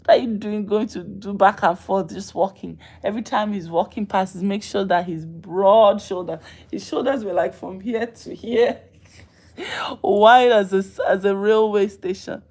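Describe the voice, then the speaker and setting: Woman livestream host, gravelly, teasing, bursts of laughter and mock indignation. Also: medium pitch. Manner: animated, laughing, playful mock outrage. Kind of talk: casual livestream chat with viewers.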